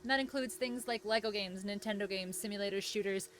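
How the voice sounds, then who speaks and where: A woman's voice: medium pitch, fairly quick, a little hiss or hum. A woman live-streaming a game, chatting in a rambling, jokey way and swearing casually as she plays. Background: game music.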